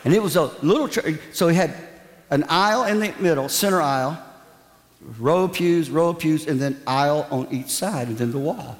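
A man's voice: a little high, moderate pace. A man preaching a sermon, telling a humorous story with playful character voices. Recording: long church reverb, faint ambience.

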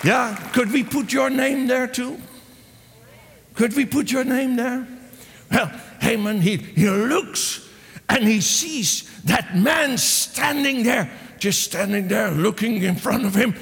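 A man preaching a sermon with passion, breaking into shouts and acting out the people in his story. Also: extremely high pitch, takes it slowly, vocal fry, a faint crowd. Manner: impassioned, exclaims and voices the characters. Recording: long hall reverb.

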